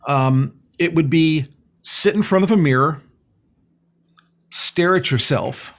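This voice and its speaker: A man's voice: on the high side, slow pace. A man being interviewed as a spiritual healer. He talks in an earnest, rambling way and fills his sentences with "you know". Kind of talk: casual conversational interview.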